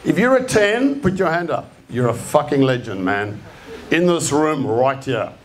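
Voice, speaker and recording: Pitch swinging widely from a slightly high base, this Australian man delivers a creative talk at a measured pace to a live audience in an event room. His style is blunt and casual, full of swearing and questions for the crowd.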